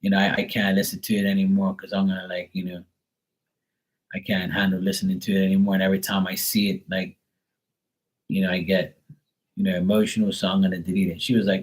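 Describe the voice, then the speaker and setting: A man's voice: sits low, level tone, fast talker, rough recording. A man hosting a live tarot reading stream, talking casually, bluntly and with frequent swearing. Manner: blunt, profane and candid.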